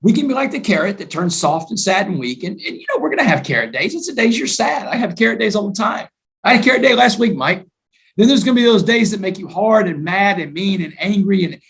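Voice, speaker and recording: A man, a guest author telling his story in an emphatic, animated way during a talk-show interview. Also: sits high, creaky.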